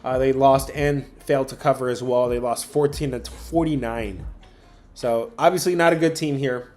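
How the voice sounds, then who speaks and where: A young man runs a sports betting livestream, casually talking picks with viewers and speaking to the chat directly, his speech full of fillers. His voice is medium-pitched, fairly even in intonation, a little mellow, at a normal speed.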